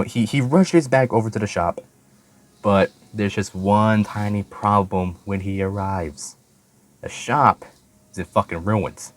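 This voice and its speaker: A man's voice: on the low side, no room sound. A man giving a casual, profanity-filled anime recap, rambling and stumbling over words. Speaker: anime reviewer. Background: faint background music.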